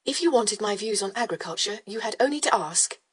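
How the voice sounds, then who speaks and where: A proper, guarded young lady from a historical romance answers in short, restrained phrases, keeping her tone steady and faintly reproachful, voiced by a woman narrator. Her voice stays in a plain middle register. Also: medium pitch, a little fast, breathy edge, no room sound, studio quality. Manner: clipped, tense, quietly reproving. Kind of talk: audiobook character voice.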